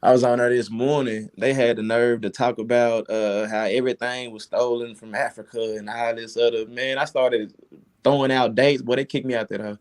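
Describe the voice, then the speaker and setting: A laid-back man joins a panel as a guest and tells stories at an easy pace. His pitch sits in the ordinary middle range. He speaks plainly and without strain. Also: little pitch movement, moderate pace. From Texas. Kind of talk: casual panel talk.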